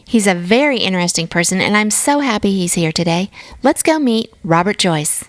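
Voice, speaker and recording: A woman's voice: medium pitch, animated, moderate pace, dry recording. Upbeat woman podcast host. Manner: upbeat, chatty. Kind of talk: podcast interview.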